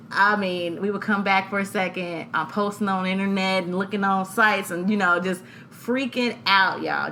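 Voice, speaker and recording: A woman, co-hosting a podcast and telling a story, animated and laughing, acting out voices. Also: medium pitch, a little hiss or hum. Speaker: podcast co-host. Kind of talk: casual storytelling chat.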